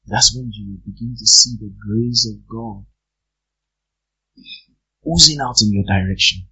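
A man's voice: fairly low pitch, measured pace, sharp tone, slightly rough, muffled recording. A man preaching a sermon, emphatic and repeating his phrases for effect.

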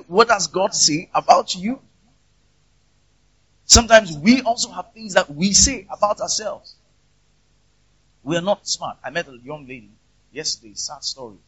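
A man's voice: high voice, fairly bright tone, slightly rough, dry recording. A man preaching a conversational sermon, asking rhetorical questions and acting out the voices of people he quotes. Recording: dull, lo-fi recording.

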